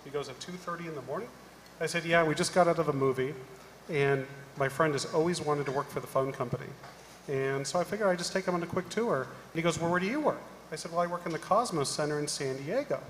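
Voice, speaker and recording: A middle-aged man on a conference panel, telling an animated story and acting out the people in it. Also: fairly high pitch, fast talker, a little hiss or hum. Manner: animated anecdote-telling, acting out quoted voices. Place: large conference hall. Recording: echoey hall, live panel mic.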